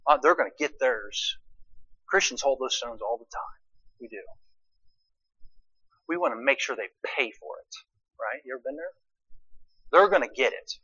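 Guy preaching a sermon, goes from quiet to loud, keeps asking the crowd questions, muffled lo-fi sound. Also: fairly high pitch. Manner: swings from quiet asides to loud emphatic preaching; asks the congregation rhetorical questions.

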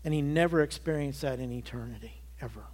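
High-voiced man in his sixties preaching. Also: fairly even intonation, normal speed. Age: 60s. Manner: earnest testimony, swelling emphatic peaks. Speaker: pastor. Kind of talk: sermon.

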